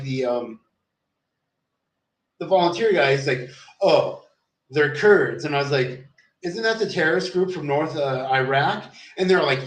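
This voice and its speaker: Male streamer, slightly high voice, loose profane storytelling, recorded roomy and off the mic. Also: recorded from a distance. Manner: rambling, profane, many fillers and restarts. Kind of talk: rambling storytelling monologue.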